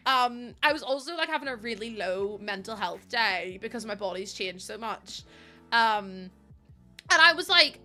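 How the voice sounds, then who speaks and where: A woman's voice: fairly high pitch, moderate pace, pushed and bright, soft background music. A young woman streaming a game from home, talking in a chatty, rambling way and laughing often. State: pregnant. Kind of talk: casual live-stream chat.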